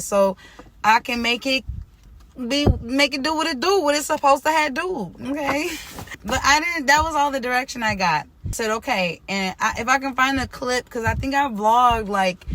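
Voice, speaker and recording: Woman, storytime vlog, animated, loud exclamations, quiet near-tearful murmurs. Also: a little high, a little hiss or hum. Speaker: singer-songwriter.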